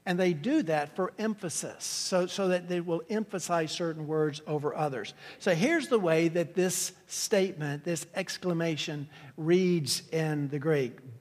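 A man's voice: a little high, unhurried, few pauses, darkish tone, long reverb tail. A man preaching an expository sermon, teaching earnestly and often restarting his sentences. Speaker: pastor.

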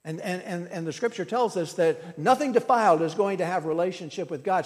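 High-voiced preacher in a reverberant hall. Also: male voice, a little mellow. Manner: teaching, emphatic with repetition. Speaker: pastor. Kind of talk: sermon.

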